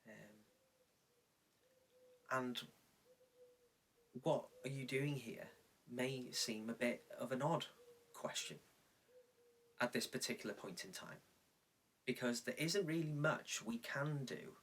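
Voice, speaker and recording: A man preaching a reflective sermon, telling a story with measured pauses. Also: mid-range voice, fairly bright tone, far from the mic. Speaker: pastor. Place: indoors, recorded for online church.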